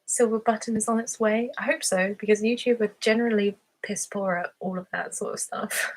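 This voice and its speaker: A woman's voice: mid-range voice, steady tone, a little fast, slight background noise. A woman hosting her ASMR channel's live stream who chats casually, reads out viewer comments and giggles often. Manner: chatty and giggly, laughs often.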